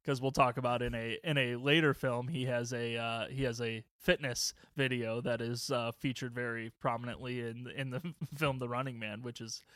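A man's voice: medium pitch, flat delivery, moderate pace, few pauses, fairly bright tone, no echo, clean studio sound. A man co-hosting a casual movie podcast, rambling with many restarts and frequent chuckles. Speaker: podcast co-host.

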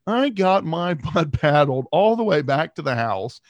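A man's voice: a little high, very animated, unhurried, no echo, highs cut off. A man co-hosting a podcast, telling stories animatedly and laughing often in casual chat. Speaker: podcast co-host.

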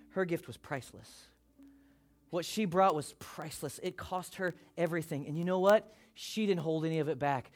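A man with a high voice preaching to a church congregation. He delivers an impassioned sermon, rising to loud calls and then dropping to hushed, almost whispered lines. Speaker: pastor. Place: church service before a congregation.

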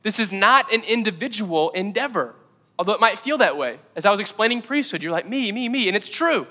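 High, bright-voiced man preaching. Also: brisk, in a large hall. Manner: energetic, with joking asides. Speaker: pastor. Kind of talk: sermon. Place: church auditorium.

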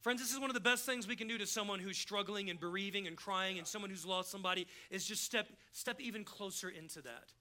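Preaching at a quick pace with few pauses, a male pastor uses a high voice carrying a very bright, forceful edge. He's casual yet emphatic, performing the voices of those he quotes.

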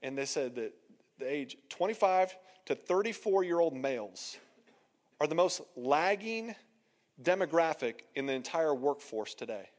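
A man's voice: a little high, animated, unhurried, in a large hall. A man preaching a sermon as pastor in a conversational way, acting out the voices he quotes. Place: church hall.

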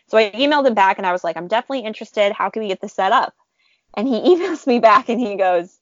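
Chatty animated woman, dull dry sound. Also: mid-range voice, a little fast, dry recording. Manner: animated, chatty, frequent laughs and fillers. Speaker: fan artist guest. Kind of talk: casual storytelling interview.

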